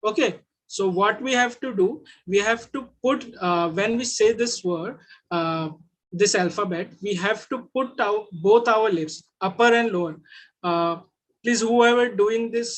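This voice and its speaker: A man with an Indian English accent teaching Mandarin sounds in an online class, repeating each sound slowly. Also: high voice, a bit bright.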